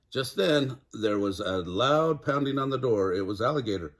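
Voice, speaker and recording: An older man, a grandfather, narrating a children's story aloud in an animated, chuckling way. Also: fairly low pitch, normal speed, few pauses.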